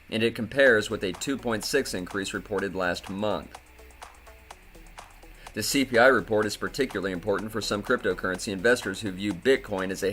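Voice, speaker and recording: Ranting angrily on his crypto commentary video, a man keeps repeating himself in an indignant, profane tone. The voice is on the low side with a fairly bright quality.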